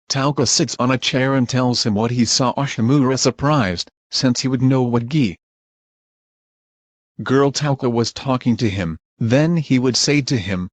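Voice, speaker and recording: A male text-to-speech voice narrating fan fiction in an even, machine-like way. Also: mid-range voice, normal speed, no echo.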